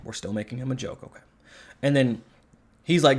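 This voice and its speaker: Guy ranting about a movie, lots of swearing and ums, fed up, middle pitch voice. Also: fairly quick. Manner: profane, exasperated, rambling with many fillers. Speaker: film reviewer. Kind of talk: casual movie review rant.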